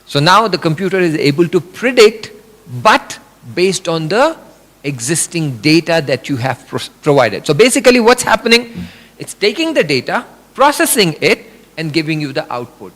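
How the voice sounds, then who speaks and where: A middle-aged man giving an animated religious lecture, explaining with examples. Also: a little high, moderate pace. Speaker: religious speaker. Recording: long reverb of a hall.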